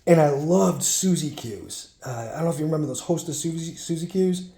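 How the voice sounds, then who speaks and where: A man's voice: a little high, brisk, creaky, dark tone, reverberant. A man casually telling a rambling childhood story while sorting through a card collection, breaking off for muttered asides.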